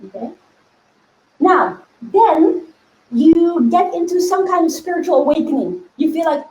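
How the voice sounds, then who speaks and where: A woman spiritual coach talking to her viewers in a casual teaching video, animated, laughing often and acting out inner voices. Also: extremely high pitch, unhurried, pauses often, reverberant, rough recording.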